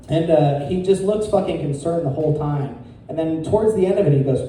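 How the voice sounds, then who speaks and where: A male stand-up comedian doing a crude deadpan set, chuckling at his own jokes. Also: on the high side, brisk, a little hiss or hum. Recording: echoey room, picked up from a distance.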